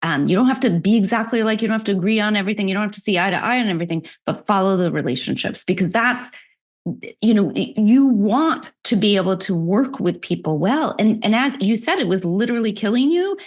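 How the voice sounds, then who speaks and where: Animated woman workplace expert. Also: mid-range voice. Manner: animated, laughs often, speaks in quick bursts. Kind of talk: conversational interview.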